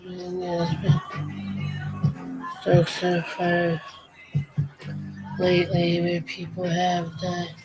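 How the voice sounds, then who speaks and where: A woman's voice: on the low side, flat delivery, slow pace, long pauses, darkish tone, soft background music, poor audio. A woman livestreaming, chatting casually with viewers and rambling through sing-song rhyming greetings.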